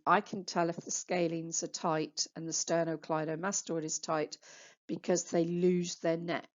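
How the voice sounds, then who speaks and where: A woman therapist giving a slow, patient anatomy lecture on slides, spelling out muscle names for practice. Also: lowish voice. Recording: dull lo-fi sound.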